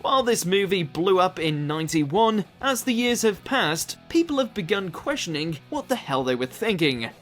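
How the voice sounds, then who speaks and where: A man's voice: high voice, very animated, normal speed, hardly any pauses, a bit bright, faint music behind. A British man narrating a countdown list in a dry, sardonic scripted delivery.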